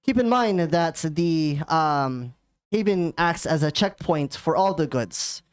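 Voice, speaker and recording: Woman voicing a stern female official, thick Russian accent, slow, lowish voice. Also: lively intonation, clean tone, no echo, studio quality. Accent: Russian, put on.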